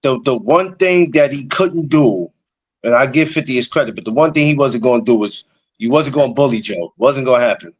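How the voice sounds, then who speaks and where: A man, hosting a podcast and telling stories in a loose, animated, swear-heavy way. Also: medium pitch, a little fast, poor audio. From the Bronx, New York. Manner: animated storytelling, swears freely, repeats for emphasis. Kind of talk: casual chat.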